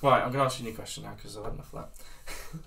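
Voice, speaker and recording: A man's voice: medium pitch, very fast, creaky, bright, forceful tone, recorded from a distance. A man hosting a casual chat podcast, rambling and jokey as he talks. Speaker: podcast host.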